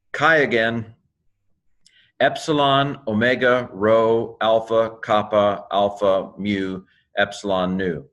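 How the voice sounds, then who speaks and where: A man teaching New Testament Greek in a casual video lesson, naming the letters one at a time with fillers and quick asides to the viewer. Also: on the low side, fairly bright tone. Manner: spells out Greek letters one by one, with many fillers and self-corrections.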